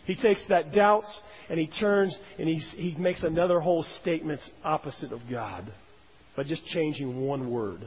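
A man delivering a sermon with a slightly high, breathy voice. He leans hard on key words, then lets his voice sink. The sound is dull and lo-fi, with a long reverb trailing off the hall walls. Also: moderate pace. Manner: emphatic, rising and falling for emphasis. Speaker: pastor.

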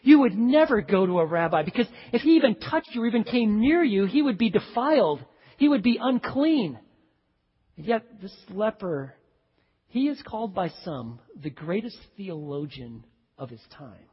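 A man preaching a sermon as pastor, swinging from hushed, slow passages to loud, urgent ones. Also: sits high, very animated, breathy edge, big-room sound, lo-fi sound.

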